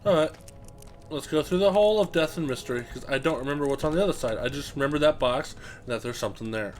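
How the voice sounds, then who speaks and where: Excitable male let's-play commentator, slightly high voice, faint hiss behind, talks back to the game. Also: fast talker. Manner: excitable, swears a lot, chatters to objects in the game. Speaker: gameplay commentator.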